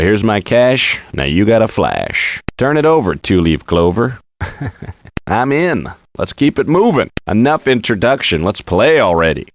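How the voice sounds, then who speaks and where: A cocky wisecracking poker player. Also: male voice, low voice, slight background noise, full character voice. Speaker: game character. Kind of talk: game voice clips.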